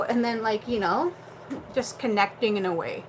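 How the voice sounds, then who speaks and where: A woman's voice: mid-range voice, fast, noisy background. A young adult woman hosting a casual livestream chat, blunt and chatty, swearing freely and using lots of fillers. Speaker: livestream host.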